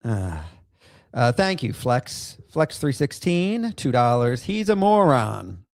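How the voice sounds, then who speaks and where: In a slow, sing-song voice of medium pitch, a middle-aged man hosts a livestream, reacting to a clip and reading chat. He's in outpatient rehab and rants heatedly with profanity and bursts of laughter; the recording is dry with clean studio sound.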